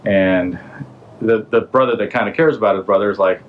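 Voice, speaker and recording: A podcast host casually retelling a Bible story in a loose, slangy, conversational way, stopping to ask the listener questions. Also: male voice, lowish voice, a little fast, dull audio.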